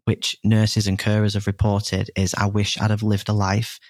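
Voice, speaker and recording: A man's voice: fairly low pitch, completely flat delivery, normal speed, no echo, studio quality. A man, a podcast guest frankly telling a personal story and often restarting his sentences. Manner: earnest, frank, full of restarts and "you know".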